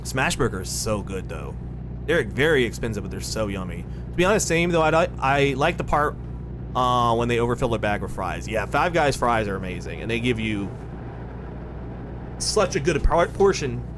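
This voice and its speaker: A man's voice: medium pitch, big pitch swings, normal speed, background noise. A man chatting casually on a live stream while playing a game, rambling, thinking aloud and swearing freely. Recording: clear music playing behind.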